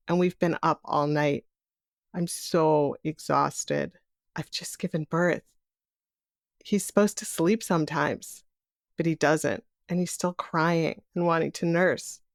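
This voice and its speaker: Storyteller: middle-aged woman, lowish voice, vivid present-tense retelling, close dry mic. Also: dry recording. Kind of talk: live personal storytelling.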